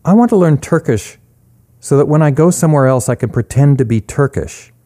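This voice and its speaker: A man's voice: fairly high pitch, animated, a little fast, mellow, pitched above the performer's own voice, close to an everyday voice. Man doing a wry young woman, raised. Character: weary young woman, wry, restless drifter.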